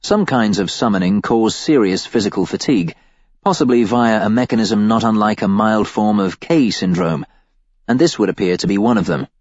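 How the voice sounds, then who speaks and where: Male audiobook narrator, lowish pitch, wry deadpan first-person read, dull sound. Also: moderate pace, no echo.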